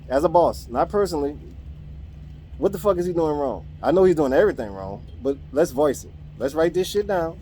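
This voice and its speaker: A man's voice: on the high side, sing-song, a little fast, dark tone, slight background noise. A man, the host of a podcast, ranting in a casual, profane way about his coworkers. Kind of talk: casual rant.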